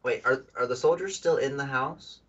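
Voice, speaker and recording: A man's voice: medium pitch, moderate pace, fairly bright tone, breathy edge. A young man playing a tabletop game, rambling in stop-start casual chat, heard from a distance on dull lo-fi stream audio. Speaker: player.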